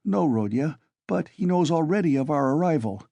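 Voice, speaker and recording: Man reading timid middle-aged mother, pleading, raised pitch, dry recording. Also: animated, moderate pace, gravelly, dark tone, no room sound.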